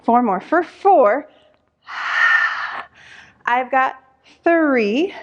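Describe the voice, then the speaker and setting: A woman's voice: sits high, animated, very slow, muffled recording. Breathless woman counting Pilates reps. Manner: counts reps aloud, breathy sighs between counts. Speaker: pilates instructor. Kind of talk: workout instruction while exercising.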